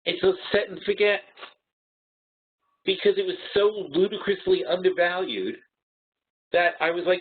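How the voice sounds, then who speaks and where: A man's voice: fairly high pitch, moderate pace, husky. A man hosting a trading webinar, talking bluntly and working through numbers aloud with frequent restarts. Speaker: webinar host. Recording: tinny phone-like audio.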